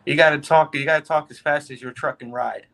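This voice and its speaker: A man's voice: on the high side, steady tone, fairly quick, vocal fry, fairly bright tone, low-quality recording. A man co-hosting a casual trucker chat, joking around and laughing often.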